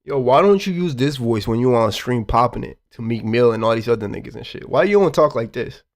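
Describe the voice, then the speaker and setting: A man hosting reaction commentary, animated and slangy, swearing and talking straight to his viewers. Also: medium pitch, brisk. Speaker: commentary host.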